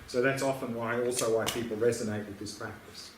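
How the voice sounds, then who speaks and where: A man's voice: medium pitch, fairly even intonation, fairly quick, background noise. A man teaching meditation, answering questions with patient, repetitive explanations. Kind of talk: dharma teaching Q&A. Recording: echoey room, faint ambience.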